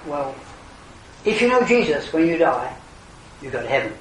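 An older man preaching an earnest evangelistic sermon, his voice swelling to emphatic calls and then falling quiet. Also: a little high, big pitch swings, normal speed, slight background noise. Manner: earnest, rising to emphatic exclamations then dropping soft. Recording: roomy hall, distant mic, faint ambience.

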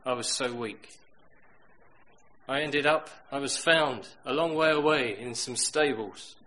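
A middle-aged man preaching a sermon, telling stories that swing from loud emphatic bursts to hushed quiet lines. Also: mid-range voice, measured pace, rough recording.

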